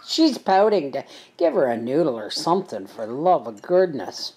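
A woman's voice: a bass voice, sing-song, moderate pace, darkish tone, slight background noise. A middle-aged woman chatting casually to viewers as she cooks in her home kitchen. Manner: chatty and homey, talking to viewers while cooking. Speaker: homestead cooking vlogger. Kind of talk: casual cooking narration.

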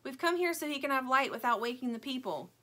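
A woman voicing a bossy, protective female toy stingray who talks in a brisk, snappish way. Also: high-pitched, expressive, bright, forceful tone, voice pushed up. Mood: explaining.

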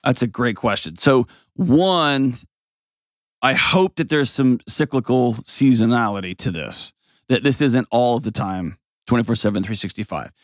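A man's voice: mid-range voice, measured pace, no echo, clean studio sound. A man in his forties hosting an advice show, talking emphatically and bluntly, with mocking put-on voices and heartfelt stories. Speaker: host giving advice. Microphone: studio mic.

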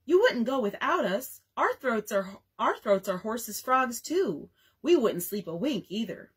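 A woman's voice: fairly high pitch, very animated, measured pace, breathy edge, full character voice. A woman voicing a group of children pleading to come along. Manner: pleading, whiny.

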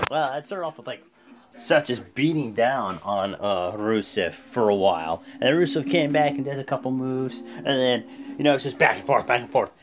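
A man hosting a casual vlog, recapping events in a rambling, animated way. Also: mid-range voice. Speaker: host.

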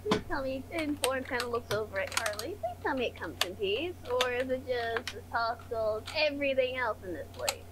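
A woman chats as a player at a tabletop session. Her voice sits high and moves about lively. Her talk is quick and wry, and a clear hiss runs under it. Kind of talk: tabletop game chat.

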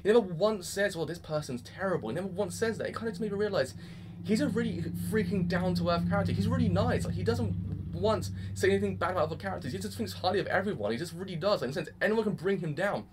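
A young man casually reviewing an anime episode, excitable and gushing, peppering his talk with "freaking". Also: high voice, fast talker, heavy background noise.

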